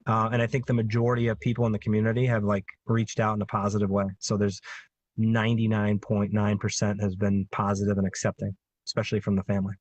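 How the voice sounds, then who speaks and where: A man's voice: lowish voice, monotone, quick pace, a little mellow, no echo, dull audio. A man in his thirties, a guest medium, speaking earnestly in a casual interview chat with many fillers.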